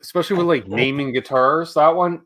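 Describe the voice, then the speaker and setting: A man's voice: on the high side, a little fast, a bit bright. A middle-aged Canadian man co-hosting a live guitar stream, chatting casually and reading out viewer names.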